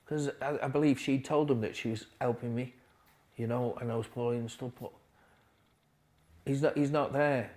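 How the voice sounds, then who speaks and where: A man speaks as a podcast guest, with a voice of middling pitch. His story comes out halting and low, full of restarts, and it gets quieter where the story is hardest. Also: fairly even intonation. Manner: quiet, halting storytelling with restarts, dropping softer at hard moments. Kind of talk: recovery story interview.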